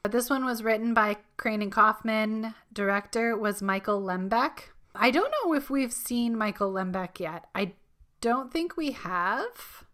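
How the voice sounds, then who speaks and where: A woman co-hosts a podcast in relaxed, casual chat. She sounds playful and laughs easily. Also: a little high, a little slow. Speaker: podcast co-host.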